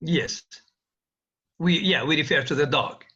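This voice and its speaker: A man with a high, bright voice teaches linguistics online in an unhurried, deliberate way. He repeats example words over and over to make his point. The sound is muffled and lo-fi, as through a call. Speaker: linguistics lecturer. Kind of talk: online university lecture.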